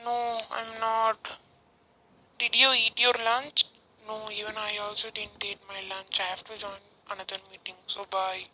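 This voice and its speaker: In a homemade cartoon, the channel's creator gives voice to the office workers, delivering short, plain, simple lines. She speaks in a mid-range, level tone at a slightly slow pace, against a noisy background.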